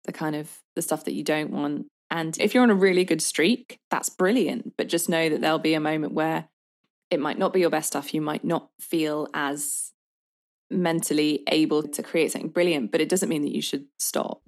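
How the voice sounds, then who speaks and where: A woman songwriter in her thirties talking in a podcast interview, telling stories with lively acted-out quotes. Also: low voice. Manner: animated storyteller, acts out quotes with quick bursts. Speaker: songwriter guest.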